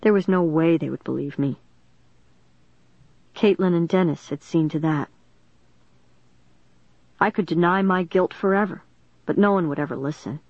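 A reader narrating a suspense novel in the first person, with steady dramatic storytelling. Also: medium pitch, normal speed, pauses often, no room sound. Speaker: audiobook narrator. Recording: dry, dull lo-fi recording.

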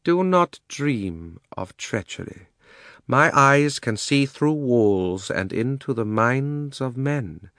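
A man voicing an imperious witch queen who speaks slowly and scornfully, giving cold commands in a storybook reading. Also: fairly low pitch, very animated, a bit bright, no echo, clean studio sound, full character voice. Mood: commanding. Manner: commanding, scornful, slow and deliberate.

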